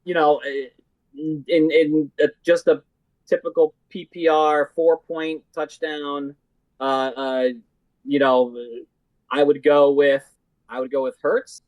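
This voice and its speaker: Male podcast guest, halting casual delivery, dry recording. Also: a little high, little pitch movement, no room sound, lo-fi sound. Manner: hesitant, halting, with many fillers and restarts. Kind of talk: casual fantasy football chat.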